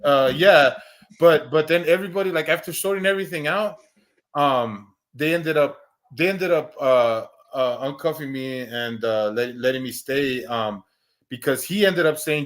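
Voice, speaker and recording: This podcast co-host, a man in his thirties, tells a long personal story in a casual chat, with frequent restarts, repeated words, and the odd curse. His voice sits on the high side and sounds a bit bright at normal speed, going louder when he acts out quotes.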